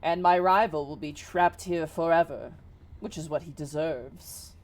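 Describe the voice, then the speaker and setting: A woman's voice: deep voice, measured pace, darkish tone. A woman voicing a wealthy, smug male earth genie who talks like a grandiose salesman in a tabletop game. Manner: pompous, grandiose salesman talk.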